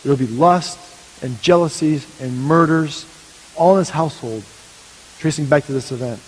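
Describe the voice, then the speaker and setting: A man pastor preaching a sermon, telling a story dramatically and dropping to a hush for emphasis. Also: on the high side, normal speed, breathy edge. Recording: long reverb of a large hall.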